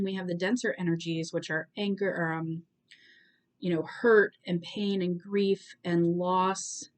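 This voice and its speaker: A woman's voice: on the low side, darkish tone, rough recording. A woman teaching a course in a casual spoken style, earnestly explaining step by step and checking in with her listeners. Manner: conversational, checks in with "right?" and "okay?". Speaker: course instructor.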